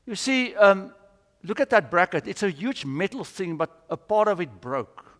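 A man's voice: high voice, very animated, normal speed, fairly bright tone. A man preaching a sermon in a church, earnest and telling stories as he teaches. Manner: earnest, storytelling. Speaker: pastor. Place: church sanctuary. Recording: long church reverb.

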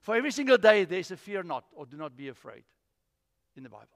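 Animated pastor preaching in a hall. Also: male voice, high voice, fast. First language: Afrikaans. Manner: animated storytelling with acted-out voices. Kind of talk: sermon. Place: church.

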